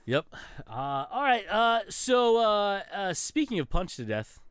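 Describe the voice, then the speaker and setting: A man's voice: sits high, a little slow, smooth, dry recording. A man co-hosting a podcast, telling gaming stories in casual chat, swearing and acting out quotes. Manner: animated storytelling, swearing, acts out quotes. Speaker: podcast co-host.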